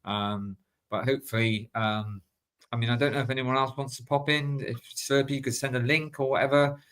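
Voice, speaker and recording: A man's voice: medium pitch, steady tone, brisk, a bit bright. An English man in a casual livestream chat, greeting viewers by name and laughing often. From England.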